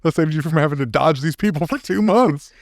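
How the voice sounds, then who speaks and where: A man's voice: fairly high pitch, fairly quick, no echo, studio quality. A man co-hosting a podcast, chatting casually about a movie with short, laid-back, slightly hesitant remarks. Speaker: podcast co-host.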